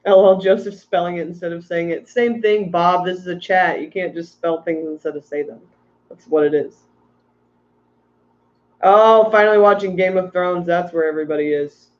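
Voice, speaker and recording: This high-sitting male voice moves at a moderate pace through lo-fi sound. Tired from too little sleep, he runs a laid-back livestream about aquarium fish, reading chat aloud between rambles and rants.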